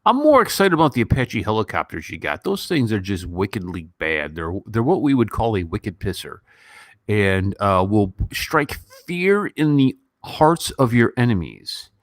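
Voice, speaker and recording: A man in his late forties from Gary, Indiana, hosting a casual live chat and answering viewer questions. His voice sits very low and sounds dry and close, with no room around it. He delivers sardonic, deadpan quips between lots of ums. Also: normal speed, no echo. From Gary, Indiana, United States.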